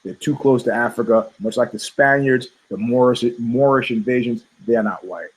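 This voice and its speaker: A middle-aged man, a podcast co-host, talking casually and with strong opinions, telling animated stories and acting out the people he quotes. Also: mid-range voice, moderate pace, low-quality recording. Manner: animated storytelling, acts out quoted voices, frequent laughs.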